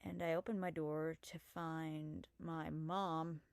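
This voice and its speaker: A young woman telling a personal story in a casual vlog, halting and hesitant, trailing off mid-sentence and swearing casually. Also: deep voice, flat delivery, creaky, no echo, studio quality. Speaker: vlogger.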